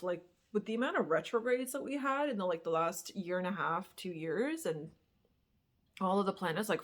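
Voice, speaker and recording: A woman's voice: medium pitch, fairly bright tone. A young woman vlogger talking candidly and at length in a personal monologue, rambling and swearing casually as she reflects. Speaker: spiritual vlogger.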